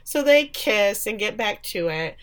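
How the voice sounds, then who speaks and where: A woman's voice: medium pitch, animated, measured pace, a bit bright. A woman co-hosting a podcast, chattily recapping a TV episode and acting out the characters' lines. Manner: chatty, opinionated, acts out quoted lines. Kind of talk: casual recap chat.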